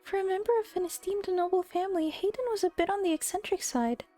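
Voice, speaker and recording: A woman voicing a timid, polite young maid servant who narrates a visual novel, speaking softly and hesitantly. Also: very high voice, fairly even intonation, fast, faint music behind, voice pushed up. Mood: narrating. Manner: soft, hesitant, stammering.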